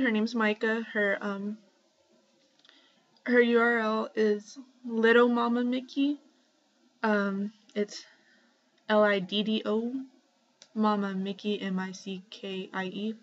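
A young woman at home talking casually to her camera in a rambling shoutout vlog, full of ums and likes. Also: medium pitch. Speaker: vlogger. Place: home, indoors. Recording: slightly dull lo-fi webcam audio.

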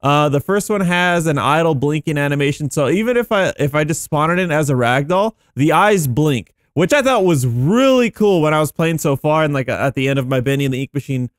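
A man giving excitable, chatty gameplay commentary as a gaming YouTuber, thinking aloud as he goes. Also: fairly high pitch, a little fast, few pauses, no room sound, studio quality.

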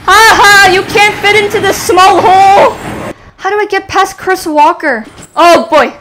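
Over loud game music and background noise, a young woman comments on a horror game, shrieking at scares and mockingly taunting enemies. She speaks at a measured pace in a very high voice.

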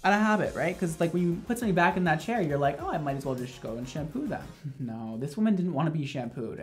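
A young male hairstylist chats straight to camera, full of sass and drama as he tells his story. His delivery is animated and expressive, peppered with casual fillers. Soft music plays faintly behind him. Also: on the high side. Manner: animated, sassy and expressive, with lots of "like". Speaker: hairstylist and video host.

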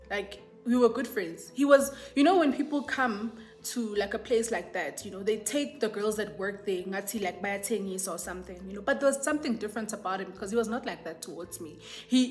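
Chatty South African woman, code-switching. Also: mid-range voice. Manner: chatty, switches between English and isiZulu, keeps saying "yabo". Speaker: YouTuber. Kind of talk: casual storytime.

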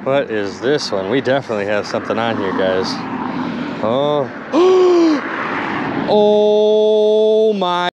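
An excitable man hosting a magnet fishing vlog outdoors by a bridge, narrating to his viewers. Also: lowish voice, normal speed, dull audio, background noise. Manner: excitable, exclaims often. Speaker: magnet fishing channel host. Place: outdoors by a bridge over water.

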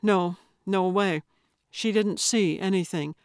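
A woman's voice: medium pitch, takes it slowly, no echo, clean studio sound. A woman voicing an earnest, somewhat hesitant male paramedic in an audiobook. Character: young man, earnest awkward paramedic. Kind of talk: audiobook character voice.

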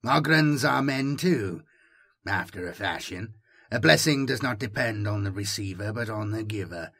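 A man voicing a solemn, pious male Inquisitor in an audiobook reading, with a measured, priestly delivery. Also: fairly low pitch, lively intonation, gravelly, a bit bright, husky, exaggerated voice.

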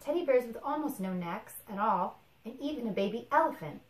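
Woman, reading a picture book aloud, expressive, patient, roomy echoing room. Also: a little high, a little fast. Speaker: children's book reader. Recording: roomy echo.

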